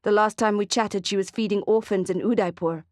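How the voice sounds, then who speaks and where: A woman reading the part of a calm, soft-spoken, spiritually detached man in a measured way. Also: medium pitch, no echo, studio quality, lightly acted. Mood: serene.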